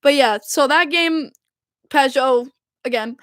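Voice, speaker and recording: Young woman gushing on her podcast, high voice, giggly and rambly, super dry close mic. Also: unhurried, dry recording. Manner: excitable fangirl, giggly, rambling with restarts. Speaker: podcast host. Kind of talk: casual chat.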